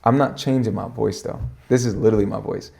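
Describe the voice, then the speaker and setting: Gravelly, low-voiced man, quick slangy podcast guest talk. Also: noisy background. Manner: fast-talking, slangy, animated. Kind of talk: casual conversation.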